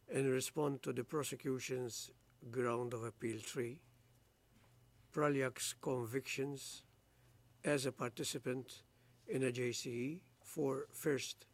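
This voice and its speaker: A man, the presiding judge, reading out a formal appeals judgment in a slow, measured legal recitation. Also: mid-range voice.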